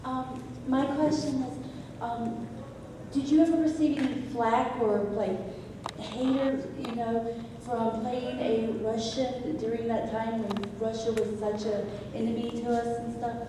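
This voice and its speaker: A woman's voice: fairly high pitch, fairly even intonation, unhurried, background noise. A woman in the audience hesitantly asking a question at a convention panel, with many fillers. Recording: echoey hall, distant mic.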